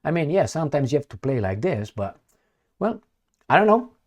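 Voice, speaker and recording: A man's voice: on the high side, sing-song, brisk, a little mellow. A man talking through current events in a casual monologue, sarcastic and full of fillers, mocking the people he quotes. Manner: sarcastic, acts out quoted politicians in mocking voices, many fillers. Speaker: political commentary vlogger.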